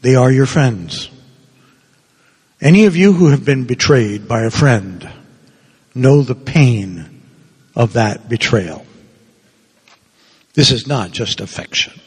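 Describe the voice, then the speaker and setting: A priest in his sixties giving a sermon, playful and animated, acting out little quotes as he goes. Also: medium pitch, takes it slowly, long pauses, husky. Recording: reverberant hall.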